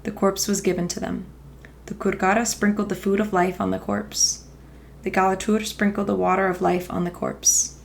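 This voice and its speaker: A woman podcast host reading an ancient myth aloud in steady, measured storytelling. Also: mid-range voice, gravelly, a little hiss or hum.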